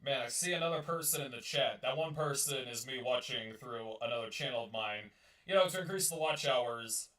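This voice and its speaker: A man's voice: mid-range voice, brisk, a bit bright, roomy sound, far from the mic. A man hosting a casual live-streamed talk show, rambling and swearing as he repeats and restarts his words. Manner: rambling and profane, with many restarts.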